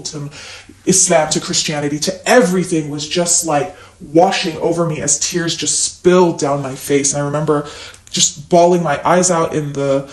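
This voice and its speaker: A woman from the American Midwest, a podcast guest telling a candid personal story and acting out the lines of others with sudden jumps in pitch. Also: normal speed, reverberant, poor audio. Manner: animated, acts out quoted lines with big pitch jumps.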